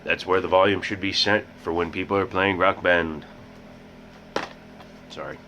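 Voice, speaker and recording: A man with a low voice hosts a casual game collection vlog, speaking at a moderate pace in a steady tone. He rambles and makes self-deprecating jokes, and the recording is muffled with loud background hiss.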